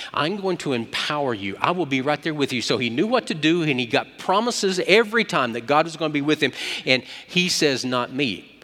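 A man preaching a sermon, moving between loud emphatic peaks and hushed quiet passages. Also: a little high. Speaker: pastor. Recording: long hall reverb.

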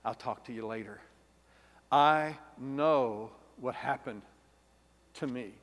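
A man, a pastor giving an emotional personal testimony, swinging between loud and hushed. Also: medium pitch, slow pace. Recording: long reverb of a large hall.

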